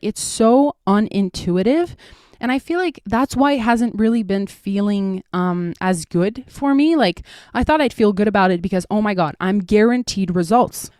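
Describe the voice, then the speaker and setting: Chatty young woman podcaster, smooth dry voice. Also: mid-range voice, a little mellow, dry recording. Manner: candid, chatty, swears casually, lots of "like". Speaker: podcast host. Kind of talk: casual spiritual chat.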